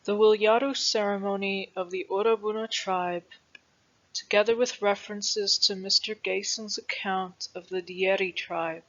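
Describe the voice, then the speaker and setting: Slow, deliberate woman reading aloud. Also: medium pitch, dull audio. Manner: slow, deliberate, even delivery. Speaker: narrator reading a historical text. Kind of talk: measured scripted reading.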